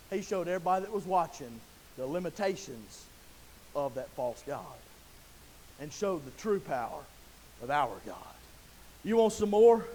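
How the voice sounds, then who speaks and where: A very high-pitched man preaches a sermon in a folksy, storytelling style. He acts out Bible scenes and builds to loud, emphatic peaks.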